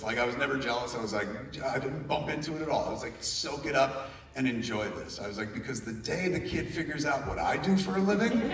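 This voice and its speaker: A man's voice: medium pitch, fairly bright tone. Profane storytelling man in an echoey hall. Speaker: guest at a convention Q&A panel. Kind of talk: comic anecdote to a live audience. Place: large convention hall stage. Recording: echoey hall, voice from far off, crowd noise. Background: audience in a large hall.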